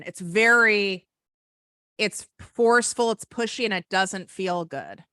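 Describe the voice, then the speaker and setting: A middle-aged woman business coach speaking as a podcast guest, earnest and animated, often acting out the voices in her head. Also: medium pitch, slow pace, clear, resonant tone, no room sound, clean studio sound. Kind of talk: conversational interview.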